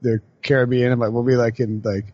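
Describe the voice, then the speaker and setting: A man's voice: medium pitch, level tone, fairly quick, dark tone, no room sound, highs cut off. A man hosting a casual sports podcast, rambling with lots of fillers and laughing as he talks. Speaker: podcast host.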